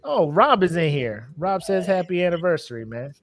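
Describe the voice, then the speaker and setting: Animated slangy man hosting a podcast. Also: high-pitched, normal speed, faint music behind. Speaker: podcast host. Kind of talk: casual chat.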